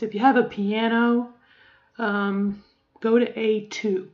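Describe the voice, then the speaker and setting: A woman's voice: mid-range voice, little pitch movement, slow pace. Reflective middle-aged woman, rambling. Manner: rambling, reflective, many fillers and restarts. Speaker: vlogger. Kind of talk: casual personal video diary. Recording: dull lo-fi audio.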